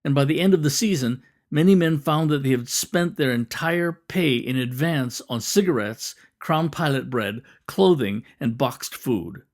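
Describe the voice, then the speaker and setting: A man, the author, narrating an audiobook of his own novel in a measured, reflective first-person telling. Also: mid-range voice.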